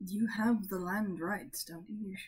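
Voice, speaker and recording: A woman playing a tabletop game, laying out her points in a measured, reasoning way. Her voice is husky and breathy. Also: mid-range voice, steady tone. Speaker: player.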